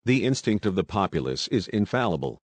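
A man voicing a cynical male revolutionary plotter who speaks softly and coolly. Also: lowish voice, very animated, brisk, slightly rough, no echo. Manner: soft, cool and cynical.

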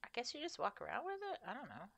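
A woman running a let's-play, bantering and joking her way through the game. Her voice sits fairly high and swings widely in pitch, with a bright, forward tone. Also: huge pitch swings, very fast, gravelly, husky. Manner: playful, jokey, chatty. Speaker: gaming streamer.

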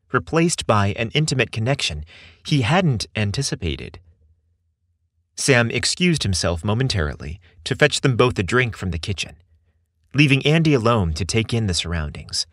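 A man reading a scripted story aloud with expressive, measured storytelling. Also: on the low side, dry recording, studio quality. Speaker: narrator.

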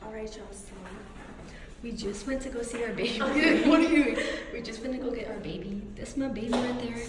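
A woman's voice: a little high, fairly even intonation, a little fast, crowd noise. Chatty teenage girl vlogging. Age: teens. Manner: chatty, rambling with lots of "like" and "um". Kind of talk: casual vlog chat.

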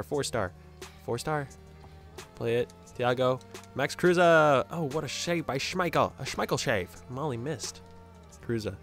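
A young man giving casual, jokey video game commentary, reacting loudly to every play. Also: medium pitch. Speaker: gaming YouTuber.

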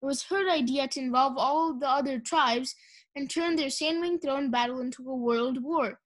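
A woman voicing a sharp-tongued, sarcastic young female dragon in a storybook reading. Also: sits high, moderate pace, natural voice. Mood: scheming. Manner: snappy, sarcastic.

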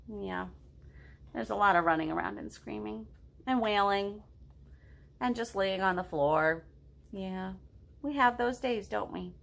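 Gentle, encouraging woman reading to kids. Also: fairly high pitch, creaky. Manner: gentle, encouraging, asks children questions. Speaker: children's librarian leading storytime. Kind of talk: reading a picture book aloud to young children.

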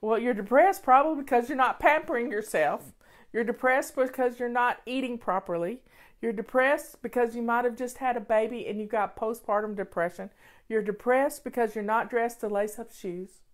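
A woman's voice: fairly high pitch, normal speed. A woman hosting a casual question-and-answer show, giving affectionate, encouraging advice to her viewers.

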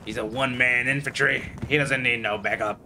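A man giving excitable, profane, joking commentary over his gameplay. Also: medium pitch, fairly quick, heavy background noise. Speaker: gaming video creator.

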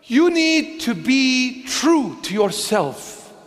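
A bishop preaching a sermon, emphatic and mocking, firing off rhetorical questions to the congregation. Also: male voice, very high voice, big pitch swings, extremely slow. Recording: long hall reverb.

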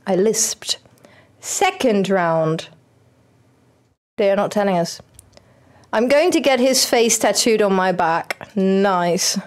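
A young woman, streaming a football manager game and chatting excitedly at it. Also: medium pitch, unhurried, smooth. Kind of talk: casual game commentary.

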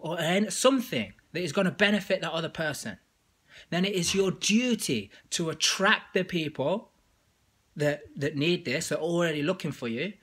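A man's voice: a little high, husky. A man talking casually on a vlog as a sales coach, telling everyday stories with quoted voices. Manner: animated storytelling with quoted voices.

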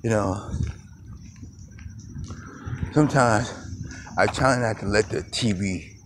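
A man's voice: fairly low pitch, slow pace. A man vlogging on a phone while walking outdoors through his neighborhood, rambling loosely and greeting people he passes. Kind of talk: rambling walk-and-talk monologue. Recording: noisy outdoor phone recording.

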